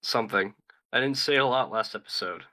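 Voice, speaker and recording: A young man on a podcast with friends, talking in a deadpan, low-key way. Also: brisk. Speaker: podcast co-host. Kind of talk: casual chat among friends.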